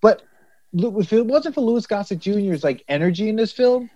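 A man co-hosting a podcast in casual chat, animated and acting out quotes from a movie. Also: sits high, normal speed, lo-fi sound. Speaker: podcast co-host.

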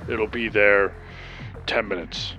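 A man voicing a composed male contact who speaks calmly and formally over the phone during a tabletop game. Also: fairly low pitch, takes it slowly, dull audio, soft background music. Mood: curt.

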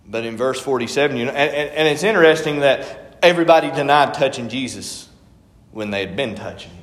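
A man's voice: mid-range voice, brisk, a bit bright. A man preaching a sermon in a conversational way, stopping to act out the voices of people he quotes. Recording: echoey hall with long reverb.

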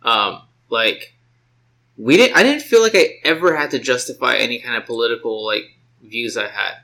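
Casting note: man, bright and sharp tone, relaxed rambler full of "um" and "like". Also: medium pitch, moderate pace, low-quality recording. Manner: rambling, filler-heavy, relaxed. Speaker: podcast co-host. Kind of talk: casual chat. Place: sister's house.

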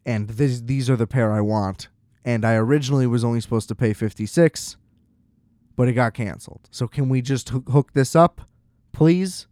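A man's voice: mid-range voice, normal speed, mellow, dry recording, studio quality. A young man ranting in a casual, exasperated and profane monologue as a podcast host.

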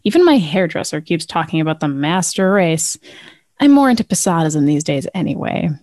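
A woman's voice: deep voice, sing-song, brisk, a little mellow, a little hiss or hum. Woman playing a bored, unimpressed first lady. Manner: dry, unimpressed, sighing. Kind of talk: comedy sketch acting.

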